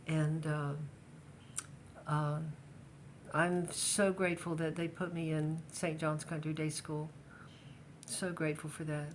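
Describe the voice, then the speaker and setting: Hesitant older woman, low voice. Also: level tone, slow, a little hiss or hum. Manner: hesitant, many restarts and fillers. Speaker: interviewee. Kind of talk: casual family interview.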